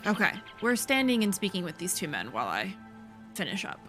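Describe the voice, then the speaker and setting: A woman hosting a gaming video, giving casual let's play commentary with quick, excitable exclamations. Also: mid-range voice, faint music behind.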